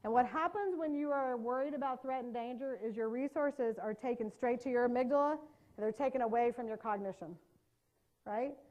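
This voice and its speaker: Woman running a training workshop, kinda high voice, chatty and lively, keeps asking the room stuff. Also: fairly quick, dull audio. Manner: lively, conversational, checks in with tag questions. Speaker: trauma-informed care trainer. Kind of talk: live workshop lecture.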